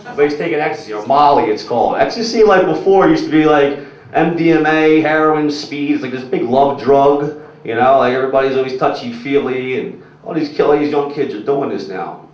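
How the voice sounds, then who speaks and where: A man's voice: medium pitch, a little fast, a little mellow. A young man doing crude, rambling stand-up, packed with "like" and "you know". He is heard from far back in an echoey club, and the recording is muffled, with faint noise under it. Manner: crude, rambling, filler-heavy delivery. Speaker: stand-up comedian. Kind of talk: stand-up set with crowd work. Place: comedy club stage.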